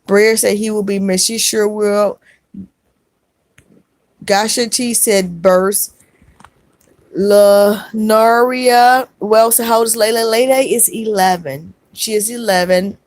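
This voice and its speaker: Soft-spoken woman reading live chat. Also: mid-range voice, steady tone, takes it slowly, dry recording. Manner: soft-spoken, consoling, calls viewers sweetheart and baby.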